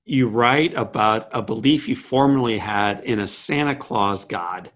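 A man's voice: on the low side, measured pace, fairly bright tone. A man hosting an interview, asking questions with small stammered restarts. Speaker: interview host. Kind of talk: conversational interview.

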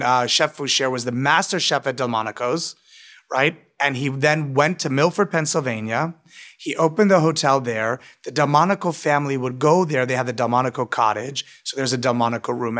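A man's voice: mid-range voice, brisk, a bit bright. A man, a restaurant owner and author, telling emotional stories in an interview, often asking "right?". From United States. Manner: emotional, storytelling, frequent "right?".

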